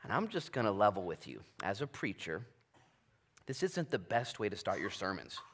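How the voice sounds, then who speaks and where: Animated man preaching a sermon. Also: on the low side, normal speed, slight background noise. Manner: conversational and animated, swings from loud to quiet. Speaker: pastor. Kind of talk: expository sermon. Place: church sanctuary.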